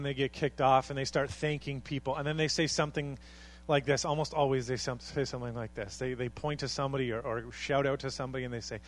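A man preaches to his congregation with steady, earnest conviction. His voice sits a little on the high side, and he rises to emphatic peaks as he acts out what people might say. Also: rough recording. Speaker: pastor. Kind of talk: sermon.

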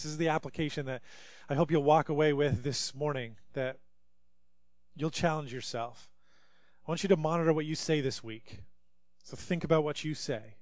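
A young man preaching a sermon as a pastor, telling stories with big swings from hushed to loud. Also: fairly high pitch, dry recording. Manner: animated storytelling, swinging from quiet to loud.

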